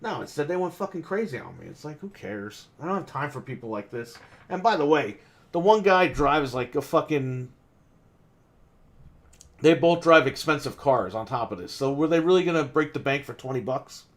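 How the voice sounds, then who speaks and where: A man's voice: fairly high pitch, animated, normal speed. A man on a podcast telling a long, exasperated story about customers at his game store, swearing often and acting out what people said. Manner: exasperated, swears a lot, acts out quotes. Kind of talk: casual ranting story.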